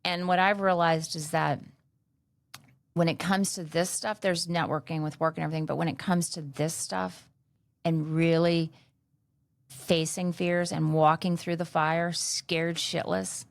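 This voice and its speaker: A blunt middle-aged woman hosting a motivational podcast, pushing her points hard and swearing without a second thought. Her voice sits a little low, and the sound is dry and close, with no room around it. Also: fairly even intonation, normal speed, vocal fry, dry recording. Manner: blunt, emphatic, swears freely. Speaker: podcast host. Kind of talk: motivational monologue.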